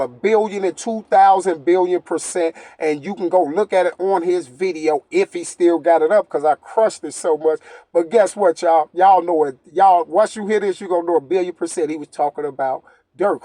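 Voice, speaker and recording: A man's voice: high-pitched, dark tone, no echo. A man, a YouTube commentator, ranting emphatically and repetitively to his audience and addressing them again and again.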